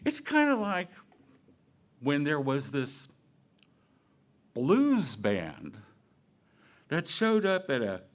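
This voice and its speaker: A man's voice: a little high, huge pitch swings, extremely slow, long pauses. A man giving a sermon to his congregation in a conversational, playful way, asking questions and acting out quoted phrases. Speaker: minister. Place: church sanctuary.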